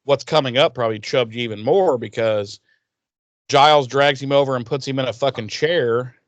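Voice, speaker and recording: Profane, animated podcast host recapping. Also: male voice, mid-range voice, moderate pace, dry recording. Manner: animated, swears a lot, acts out characters' lines. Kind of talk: casual profane episode recap with quoted voices.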